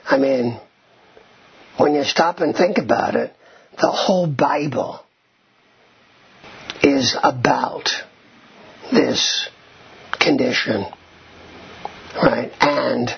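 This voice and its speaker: A slow, deliberate male teacher lecturing on scripture and Hebrew wording. His voice is very raspy with a gravelly edge. He keeps asking "right?" to carry the class along, and the recording sounds dull and lo-fi. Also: mid-range voice. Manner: checks in with frequent "right?"; reads Hebrew passages aloud. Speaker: Bible teacher.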